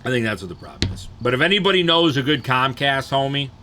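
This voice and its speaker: A man's voice: mid-range voice, animated, fast, pushed and bright, slight background noise. A man from the Detroit area, ranting casually and profanely on a livestream and often asking "you know what I'm saying".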